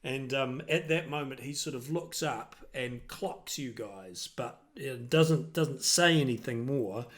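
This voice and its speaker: A man runs a tabletop game as game master, describing scenes in a slow, halting way full of ums and restarts. His voice sits at a middle pitch. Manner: hesitant, many ums and restarts.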